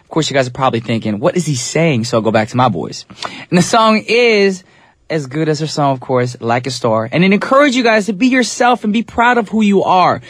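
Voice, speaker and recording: Guy in his 30s doing a live radio dj show, kinda high voice, chatty and playful, dry studio mic. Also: quick pace, hardly any pauses, no echo. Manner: upbeat, chatty, playful slang. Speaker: radio DJ host. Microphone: studio microphone.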